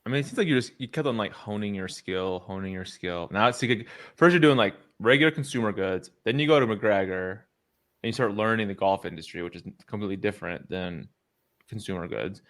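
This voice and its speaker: A man's voice: lowish voice, a little fast, fairly bright tone. A man hosting a podcast interview, asking short, curious follow-up questions. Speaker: podcast host. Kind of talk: casual interview.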